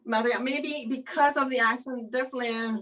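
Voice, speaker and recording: A woman teaching a viola master class, her voice sitting fairly high. She coaches warmly and encouragingly, explaining ideas with many a "you know" as she works. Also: steady tone, brisk, soft background music, low-quality recording.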